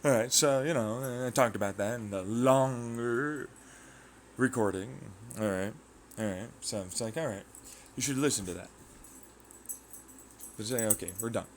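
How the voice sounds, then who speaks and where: A man's voice: medium pitch, unhurried, a little hiss or hum. A man from Arizona with an American accent, rambling casually in a monologue, repeating fillers and jumping between ideas. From Arizona, United States. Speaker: vlogger.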